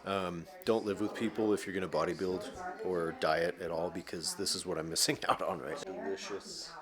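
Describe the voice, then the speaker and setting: A man's voice: deep voice, animated, normal speed, crowd noise. A young man in casual chat, an easygoing fitness vlogger who rambles a little and chuckles often while cooking at home.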